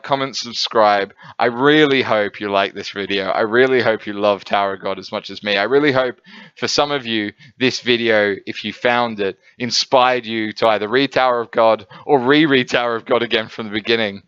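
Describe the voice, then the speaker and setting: A man's voice: medium pitch, normal speed, a bit bright, clean tone, dry recording. A man reviewing manga at home, talking casually and enthusiastically, with lots of fillers. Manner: rambling, enthusiastic, with many fillers. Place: home setup, filmed at night. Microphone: camera setup. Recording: dull lo-fi sound.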